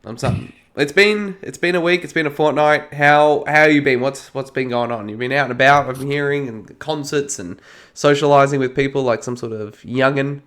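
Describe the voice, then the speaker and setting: A man in his thirties with an Australian accent, hosting a casual podcast, lively and quick to laugh while groggy from hay fever tablets. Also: medium pitch. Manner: lively, laughing, self-mocking. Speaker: podcast host. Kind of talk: casual chat.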